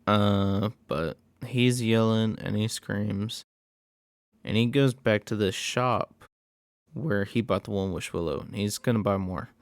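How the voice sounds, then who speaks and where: A man's voice: lowish voice, slow, dry recording, studio quality. A man giving a casual, rambling, profane recap of a horror movie plot. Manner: rambling, profane, animated storytelling.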